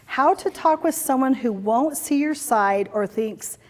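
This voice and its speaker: A woman's voice: high voice, expressive, measured pace. A woman corporate trainer leading a workshop for a retreat audience, encouraging and conversational, acting out playful examples. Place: retreat venue meeting room. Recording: long reverb of a hall.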